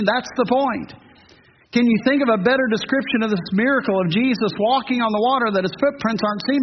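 Pastor, man, 50s: high voice, earnest sermon with emphatic peaks, dull church-hall recording. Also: background noise. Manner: earnest, rising to emphatic peaks, joking asides. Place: church sanctuary. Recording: dull audio with long hall reverb.

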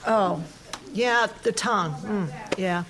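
A woman's voice: mid-range voice, takes it slowly, heavy background noise. A woman co-hosting a casual Bible study conversation, chatty and self-deprecating, laughing easily. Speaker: co-host of a Bible study talk.

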